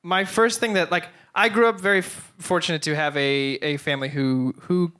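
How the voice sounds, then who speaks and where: Man, live panel co-host, somewhat high voice, rambling and eager. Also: fairly even intonation, brisk, sharp tone, smooth. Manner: rambling, self-correcting, enthusiastic. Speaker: podcast co-host. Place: live studio stage with audience.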